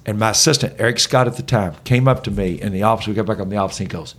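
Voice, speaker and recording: A man's voice: on the low side, very fast, breathy edge. A middle-aged man, a basketball head coach, telling stories animatedly as a podcast guest. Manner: animated, energetic storyteller. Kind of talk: conversational storytelling.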